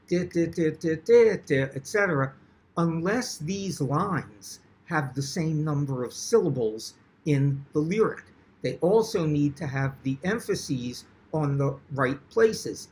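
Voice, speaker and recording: A man teaching songwriting in a presentation, explaining patiently and breaking into short sung examples and wry jokes. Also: a little high. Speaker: songwriting instructor. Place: video presentation recorded for an online event.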